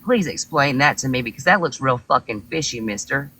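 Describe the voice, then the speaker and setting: A man's voice: mid-range voice, expressive, fairly quick, bright, forceful tone, no room sound, rough recording. A man hotly accusing someone during a live stream argument, swearing and confrontational.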